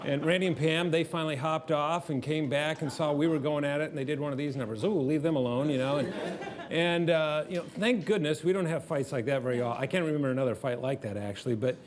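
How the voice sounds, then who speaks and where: A man co-hosting a premarital counseling session, telling a lively story with laughter and then teaching. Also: fairly high pitch, fast talker. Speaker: marriage counselor and co-host.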